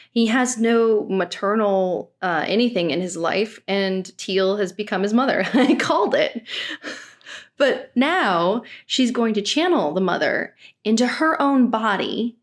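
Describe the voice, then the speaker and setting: A young woman giving casual reaction commentary in an exasperated, sarcastic and outspoken way, swearing now and then. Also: mid-range voice. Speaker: reaction vlogger.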